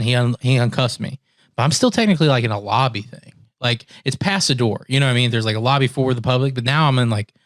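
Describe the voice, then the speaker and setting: A man talks in easy podcast chat, laughs often and slips into other people's voices as he tells his story. His pitch sits in the middle for a man. The room sounds dry and close. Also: no room sound. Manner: animated storyteller, acts out quotes, laughs often. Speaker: podcast co-host.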